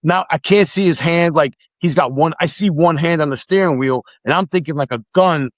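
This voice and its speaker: A middle-aged man, a podcast guest, casually telling animated stories, acting out the quotes and swearing freely. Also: a little high, moderate pace, dry recording. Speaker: podcast guest, former immigration officer. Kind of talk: casual storytelling in conversation.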